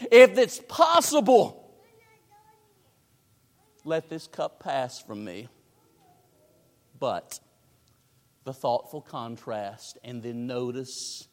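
A high-voiced man delivers a sermon at an unhurried pace. He drops to near whispers and then rises to loud, emphatic peaks. His voice rings out with a long reverb, as if in a large church sanctuary. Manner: dramatic swings from hushed to booming. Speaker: preacher.

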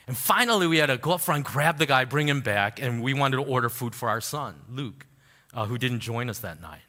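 Bright-voiced man preaching in a reverberant hall. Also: brisk. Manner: animated storytelling, laughs at himself, drops soft and low in prayer. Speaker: pastor. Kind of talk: sermon with personal story.

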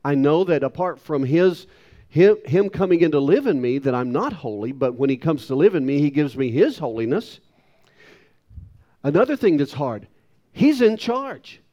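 Man in his sixties, pastor, sermon, animated swooping pitch, somewhat high voice, emphatic, self-deprecating. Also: normal speed, muffled recording. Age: 60s. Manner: emphatic preaching with wide pitch swings, self-deprecating asides.

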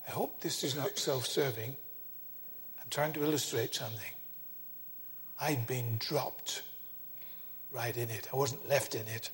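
A man's voice: mid-range voice, measured pace, pauses often, slight background noise. Older male preacher in a reverberant hall. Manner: earnest, drops to a hushed tone for dramatic moments. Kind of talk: sermon storytelling.

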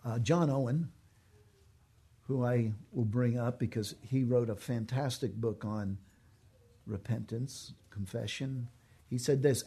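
A man's voice: medium pitch, slow, long pauses, dark tone, husky. A man delivering a sermon as a pastor, earnest and emphatic, repeating his key phrases.

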